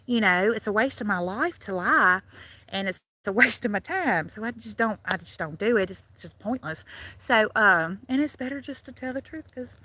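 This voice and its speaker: A woman's voice: medium pitch, expressive, normal speed, pushed and bright. Chatty Southern woman from Louisiana. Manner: chatty, rambling, laughs often, says y'all. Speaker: live streamer. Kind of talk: casual live-stream chat. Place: in and around a car.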